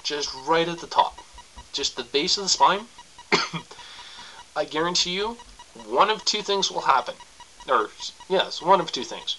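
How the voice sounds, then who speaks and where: A young man rambles through crude advice in a bright, tense voice, breaking off with coughs and laughs. The recording carries a faint background hiss. He sounds loose and unscripted. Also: a little high, expressive, a little slow, long pauses, rough recording. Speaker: vlogger giving sex tips. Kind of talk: casual to-camera advice.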